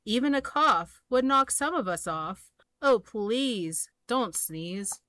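A woman's voice: on the high side, lively intonation, slow, bright, forceful tone, no room sound, studio quality, full character voice. A woman voicing a group of worried monkeys in a storybook, pleading in sing-song rhyme. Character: chattering troop of fretful monkeys.

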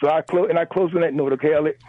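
A man's voice: a little high, fairly even intonation, very fast, no echo. A man calling in to a radio talk show, speaking with fervor, stammering and restarting while he repeats words and adds "man" and "you know". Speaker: radio call-in caller. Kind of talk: impassioned call-in commentary. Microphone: telephone. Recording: phone line into a radio show.

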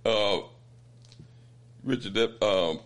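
A man hosting a call-in radio show, speaking haltingly with many fillers. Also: fairly low pitch, fairly bright tone. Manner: halting, hesitant, filler-heavy. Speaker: radio host.

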